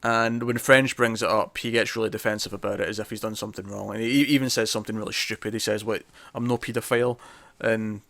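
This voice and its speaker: A man's voice: lowish voice, steady tone, fast, vocal fry, few pauses, fairly bright tone, dry recording. A man co-hosting a podcast, reviewing a TV episode in casual chat, rambling with many fillers and restarts.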